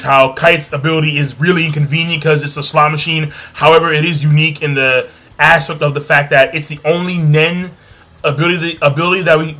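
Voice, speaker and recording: A man doing a casual anime episode review, excitable and swearing freely, acting out lines from the scenes. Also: fairly high pitch. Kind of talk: casual animated recap.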